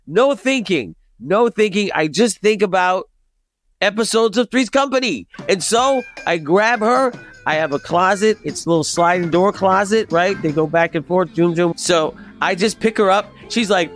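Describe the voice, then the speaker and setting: A man in his fifties telling a comic personal story, animated and profane, acting out the people in it. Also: high voice, moderate pace, faint music behind. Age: 50s. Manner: animated, profane, acts out quoted voices. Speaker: storyteller guest.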